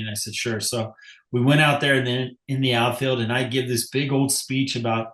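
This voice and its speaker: A man's voice: mid-range voice, steady tone, moderate pace, fairly bright tone. Podcast host man in an echoey room. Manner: reflective, affirming, tells his own coaching stories. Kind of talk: casual interview talk.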